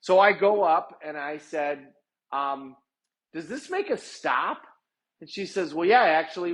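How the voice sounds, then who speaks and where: A man with a voice pitched a little above most men's tells a personal story in a loose, conversational way. He rambles along with plenty of "I'm like" asides and acts out each person he quotes. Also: fairly bright tone. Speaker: lawyer sharing personal stories.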